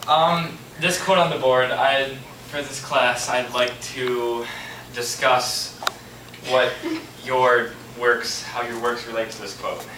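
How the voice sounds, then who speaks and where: A man on stage playing a nervous male literature professor who talks haltingly. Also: medium pitch, fairly even intonation, bright, forceful tone. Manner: halting, flustered. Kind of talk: amateur stage acting. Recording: echoey hall from far off, noise.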